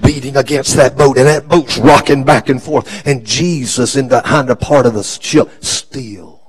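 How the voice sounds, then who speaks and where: A man preaching a live sermon as a bishop, with a preacher's cadence that swings from shouting to hushed tones. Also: medium pitch, fairly even intonation, moderate pace.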